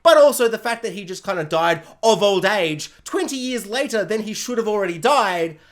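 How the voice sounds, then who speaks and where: A show reviewer in a casual comic rant, animated and sarcastic with lots of fillers. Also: medium pitch, normal speed.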